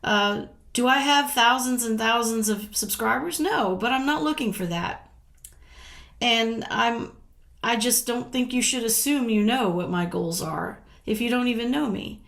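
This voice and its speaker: A woman's voice: on the high side, measured pace, gravelly, fairly bright tone. A middle-aged woman from the United States talking casually to camera as a vlogger, frank and indignant, swearing freely and laughing between points.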